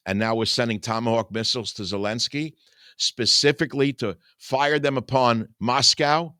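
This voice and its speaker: A man's voice: medium pitch, moderate pace, pushed and bright, dry recording, clean studio sound. An older man hosting a talk show, reading scripture aloud and then ranting in an impassioned, preaching way. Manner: preaching, rising to angry outbursts. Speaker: radio talk host.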